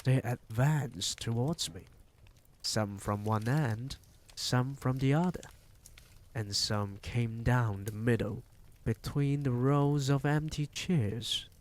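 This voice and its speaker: A man reading a novel aloud on a live stream, telling it in an unhurried, measured way. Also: medium pitch.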